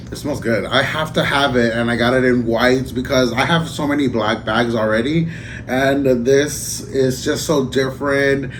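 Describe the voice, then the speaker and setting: A man in a casual unboxing vlog who talks in an emotional, halting way, choking up and trailing off. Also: medium pitch, a little hiss or hum. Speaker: vlogger. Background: music.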